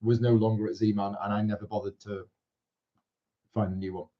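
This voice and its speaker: A man's voice: fairly low pitch, level tone, moderate pace. A man hosting a board game stream, easygoing in casual chat, often giving short agreeing replies. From Devon, England. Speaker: channel host. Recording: dull lo-fi stream audio.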